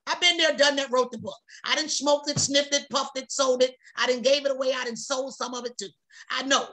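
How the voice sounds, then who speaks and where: Woman preaching, fiery repetitive delivery, high bright voice. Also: steady tone, a little fast. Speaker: prophetess. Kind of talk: preaching on a prayer broadcast.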